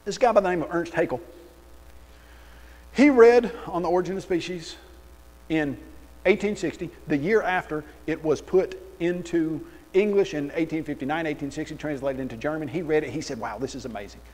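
A man's voice: a little high, normal speed. Sarcastic preacher, man, reverberant hall. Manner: animated, sarcastic storytelling. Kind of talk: sermon. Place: church auditorium.

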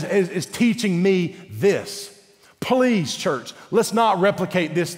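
Earnest high-voiced pastor in a reverberant hall. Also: male voice. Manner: earnest, pleading, rises to forceful emphasis. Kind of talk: sermon. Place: church sanctuary. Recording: long reverb of a church hall.

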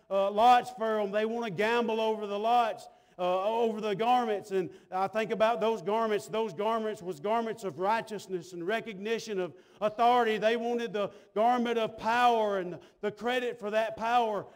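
A man preaching a sermon in a church, folksy and telling stories, his voice dropping to a hush and rising loud. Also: high voice, fairly even intonation, moderate pace. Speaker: pastor. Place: church sanctuary.

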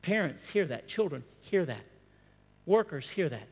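A man's voice: fairly high pitch, very animated, a little slow, darkish tone. A male pastor preaching a sermon, firing off strings of rhetorical questions and stumbling over restarts as he presses his point. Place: church hall. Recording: long hall reverb.

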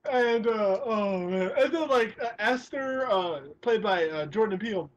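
A young man co-hosting a casual podcast, excitable and crude, laughing as he retells comedy sketches. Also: extremely high pitch, a little slow, hardly any pauses. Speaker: podcast co-host.

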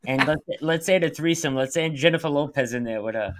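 A man co-hosting a casual chat, joking and crude and quick to laugh. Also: on the high side. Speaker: podcast co-host.

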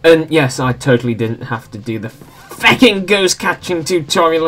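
Young man, let's play host, self-mocking asides, fairly high voice, very animated. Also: normal speed. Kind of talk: casual gameplay commentary.

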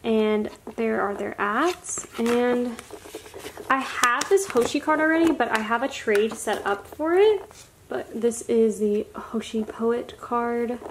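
A young woman chatting casually while unboxing a haul, gushing and excitable, often gasping and laughing. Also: fairly high pitch, slow, a little hiss or hum. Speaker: vlogger.

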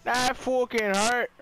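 A young man, the host, chatting casually while gaming, swearing, laughing and yelling sudden high-pitched shouts.

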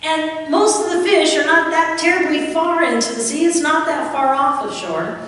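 A woman's voice: high voice, moderate pace. Woman preaching in an echoey hall. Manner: animated storytelling with dramatic drops to a hush. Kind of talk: sermon. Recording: echoey hall, far from the mic.

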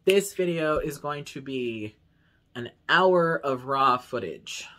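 A man's voice: mid-range voice, lively intonation, takes it slowly, fairly bright tone. Candid, rambling man vlogging casually. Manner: candid, swears freely, rambles with many likes; laughs easily at himself. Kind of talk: casual vlog talk to camera.

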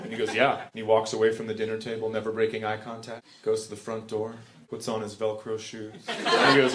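A father telling a story about his son in a dry, deadpan way with chuckles. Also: medium pitch, quick pace. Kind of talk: casual storytelling. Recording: loud background hiss.

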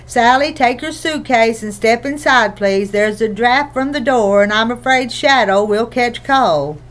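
A stern, impatient older woman speaks in short, clipped phrases, as a woman reads her in a storybook. She is cold and firm, with a slightly high voice. The reading stays plain and measured. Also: close to an everyday voice. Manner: curt and clipped. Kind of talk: audiobook character reading.

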